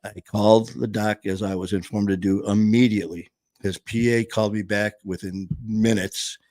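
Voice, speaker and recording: A man's voice: fairly low pitch, steady tone, normal speed, darkish tone, no room sound. A middle-aged man from the United States telling a long personal story in casual, blunt, profane talk. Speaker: podcast host.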